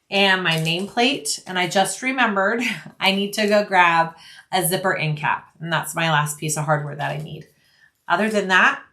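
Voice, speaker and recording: Relaxed woman talking through a sewing project. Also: medium pitch. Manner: relaxed, practical, thinks aloud with frequent ums. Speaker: bag-making tutorial host. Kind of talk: casual sewing tutorial narration.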